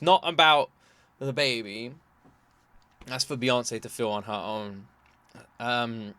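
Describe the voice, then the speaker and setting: A young man, hosting a casual reaction video, animated and laughing often as he comments. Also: mid-range voice, dry recording. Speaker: reaction channel host.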